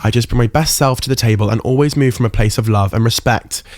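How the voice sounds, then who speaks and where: Young man, solo podcast host, emotional, candid, swears casually, mid pitch, dry room. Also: fast, no echo. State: emotional, close to tears.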